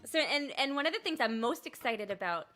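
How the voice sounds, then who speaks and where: Chatty laughing woman, slightly high voice. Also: expressive, brisk, bright, forceful tone, faint music behind. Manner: chatty, laughs often, rambling, swears casually. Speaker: singer-songwriter hosting an online concert. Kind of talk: casual chat between songs.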